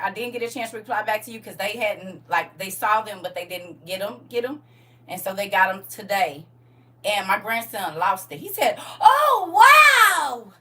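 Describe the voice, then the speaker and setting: Bright chatty woman on a home livestream. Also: mid-range voice, recorded from a distance. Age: middle-aged. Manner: animated, chatty, talks straight to viewers. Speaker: livestream host showing off a custom jacket. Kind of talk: casual livestream chat. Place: at home indoors.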